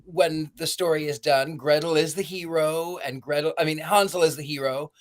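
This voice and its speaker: Chatty man with a higher voice. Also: moderate pace. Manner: animated, apologetic, chatty. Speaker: podcast co-host. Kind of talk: casual film discussion.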